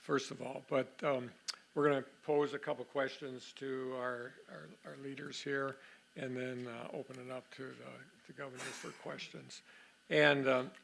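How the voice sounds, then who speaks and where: A man moderating a panel discussion, a little hoarse, halting with many fillers and repeated words. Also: medium pitch, level tone, a bit bright, a little hiss or hum. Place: conference meeting room.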